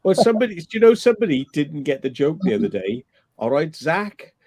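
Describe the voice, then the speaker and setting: A man's voice: fairly high pitch, very animated, a little fast, a little mellow, no echo. Man telling crude stories, dry sound. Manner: rambling, profane storytelling with frequent laughs. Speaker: livestream host. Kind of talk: casual late-night chat.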